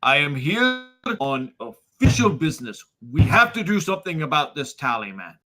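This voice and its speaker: A man's voice: fairly high pitch, very animated, normal speed, bright, forceful tone, voice pushed up, heavily acted. A man voicing an agitated, insistent man who barges in demanding answers, in a tabletop game. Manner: urgent, insistent.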